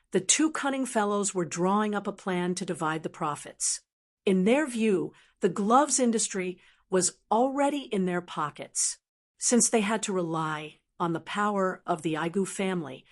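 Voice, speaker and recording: A woman narrating a translated fantasy novel as an audiobook in a steady, even reading voice. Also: medium pitch. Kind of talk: scripted narration.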